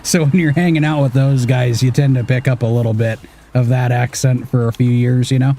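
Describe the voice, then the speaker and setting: His voice is mid-range, mellow, and steady, and he talks briskly: a man in his thirties from Washington State streaming an off-road driving game. The commentary is casual, with muttering and the occasional swear, and there's slight background noise.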